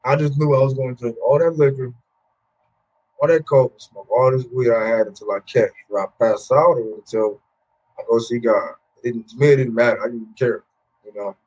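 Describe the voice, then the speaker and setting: Man, 30s, former pro athlete guest; relaxed, filler-heavy storytelling, mid pitch, dull lo-fi recording. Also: brisk, slightly rough. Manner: casual, repeats words, many "you know" fillers. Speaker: interview guest, former pro football player. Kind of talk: candid personal storytelling. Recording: muffled, lo-fi sound.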